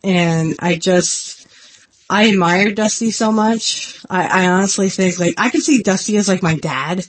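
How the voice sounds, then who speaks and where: A woman's voice: medium pitch, a little slow. A woman hosting her own podcast in an earnest, rambling, self-deprecating casual chat. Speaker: podcast host.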